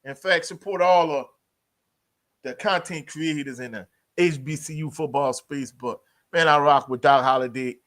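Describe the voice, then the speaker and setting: A man's voice: a little high, moderate pace, a bit bright. A man hosting a livestream about college football, talking in a casual, slangy way and greeting viewers in the chat. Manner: laid-back, slangy, greets chat members. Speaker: sports livestream host. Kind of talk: casual live sports talk.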